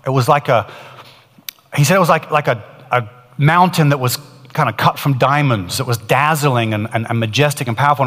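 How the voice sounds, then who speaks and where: Earnest male preacher, mid-pitched, storytelling sermon; long reverb of a hall. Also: a little fast, fairly bright tone. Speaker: preacher retelling a testimony.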